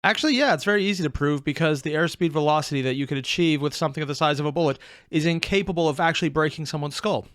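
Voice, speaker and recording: A man's voice: a little high, racing, hardly any pauses, no room sound, studio quality. A man hosting a reaction video, talking casually and sarcastically with rambling asides, self-mockery and frequent swearing. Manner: animated and sarcastic, swears freely.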